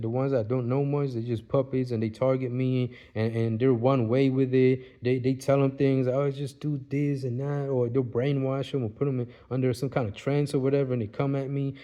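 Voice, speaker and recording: This mellow, medium-pitched man is a vlogger talking in a loose, meandering way. He circles back over the same points and repeatedly asks "you see what I mean" to see whether you're following along.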